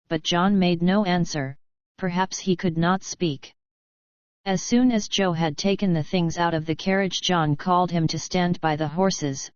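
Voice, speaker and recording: A woman narrates a classic novel in a calm, even way, with a smooth, clear voice set fairly low. The recording is dry and close, with a slightly dull, muffled tone. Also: no room sound. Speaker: audiobook narrator.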